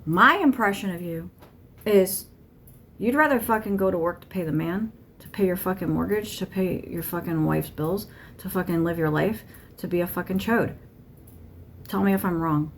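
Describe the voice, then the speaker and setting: A woman's voice: on the low side, normal speed, slight background noise. A woman giving a channeled monologue to camera, blunt and irritated, swearing constantly. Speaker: tarot channeler.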